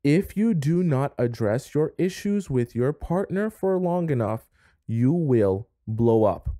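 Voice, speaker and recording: Brief: forceful advice vlogger, warm dark voice, dry close sound. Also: male voice, medium pitch, expressive, slow pace, dry recording. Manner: emphatic, lecturing, repetitive. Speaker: dating advice creator. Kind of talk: direct-to-camera advice rant.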